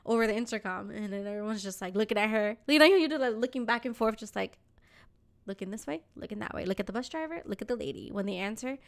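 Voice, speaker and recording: A young woman hosting a podcast, telling a story in casual chat, animated and acting out the voices of people in it. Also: a little high, fast talker. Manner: animated, acts out voices in her stories, swears casually. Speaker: podcast host.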